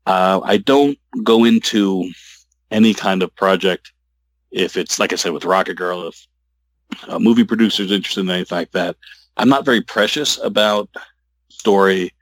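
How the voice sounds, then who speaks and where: A man talking as an interview guest about his comic work, halting and rambling with many restarts. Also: sits low, no room sound. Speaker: comic book writer guest. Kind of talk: casual interview talk.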